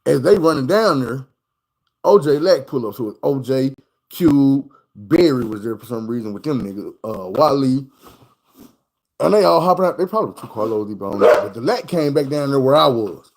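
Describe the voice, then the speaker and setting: Here a streamer, mid-range in pitch and moderate in pace, animatedly recounts a story in loose, cursing street talk while impersonating the characters. The recording quality is low.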